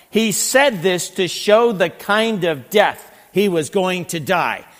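Brief: male pastor, high and very expressive voice, unhurried delivery. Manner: animated, swings between loud emphasis and quiet asides. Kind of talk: sermon with scripture reading. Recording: long reverb in a large hall.

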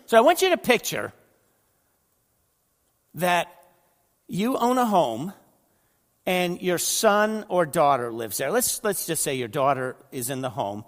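A man's voice: a little high, sing-song, unhurried, pauses often. Older male pastor preaching in an echoing hall. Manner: conversational, repeats words, asks the audience questions. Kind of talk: sermon with slides.

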